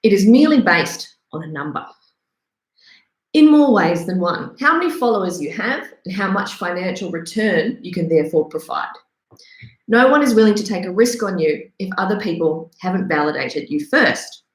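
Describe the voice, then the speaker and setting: A woman's voice: medium pitch, animated, normal speed. A woman giving a sarcastic, self-deprecating commentary monologue that turns into a rant. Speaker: host. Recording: roomy echo.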